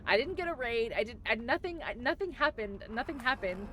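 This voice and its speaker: A woman's voice: fairly high pitch, animated, fairly quick, pushed and bright. A woman streamer chatting casually while playing, giggling often and rambling with lots of fillers and swearing. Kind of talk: casual gaming chat.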